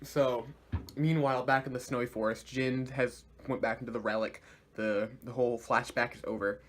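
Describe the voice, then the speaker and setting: A man reviewing an episode in a loose, chatty way, animated and full of slang. His voice sits at a middle pitch for a man, and he laughs often as he talks. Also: moderate pace, slight background noise. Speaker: series reviewer. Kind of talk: casual video review.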